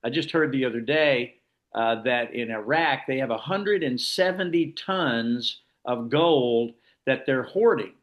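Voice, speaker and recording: A man's voice: medium pitch, measured pace, muffled recording. Man, class leader, rambling, explanatory, informal discussion group. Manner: rambling, explanatory, frequent restarts.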